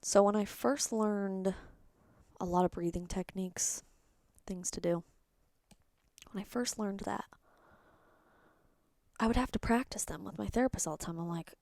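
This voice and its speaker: A woman's voice: mid-range voice, moderate pace, vocal fry, long pauses, darkish tone, no room sound, clean studio sound. A woman hosting a personal solo podcast, talking candidly and rambling, sometimes dropping into a whisper. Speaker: podcast host.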